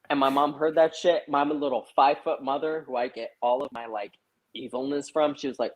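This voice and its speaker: A man's voice: medium pitch, normal speed, a little hiss or hum, rough recording. A young man, a guest on a live stream, telling a story in casual chat, swearing a lot and filling with "like". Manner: profane, lots of "like" fillers.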